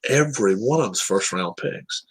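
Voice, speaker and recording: Male sports talk host, husky and low-pitched, loose profane opinions in casual chat. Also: animated, normal speed.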